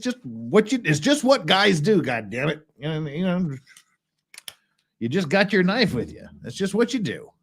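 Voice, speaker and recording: Guy on a live stream going over a lawsuit, kinda higher voice, wry and blunt, rambles a bit. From United States. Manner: wry, rambling and blunt, reading out legal text. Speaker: legal commentary host. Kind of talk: casual livestream commentary.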